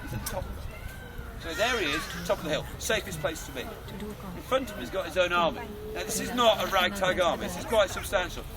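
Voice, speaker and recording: A man performing a loud, jokey live history show as a castle archer, teasing the audience. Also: high voice, animated, fast. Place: outdoors at a castle. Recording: windy outdoor crowd noise. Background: crowd and wind.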